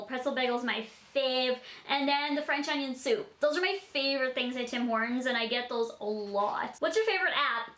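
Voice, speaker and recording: Answering viewer questions with giggles and frequent fillers, a Canadian woman in her twenties chats casually in a Q&A vlog. Her voice is high with a fairly bright tone, recorded in an echoey space.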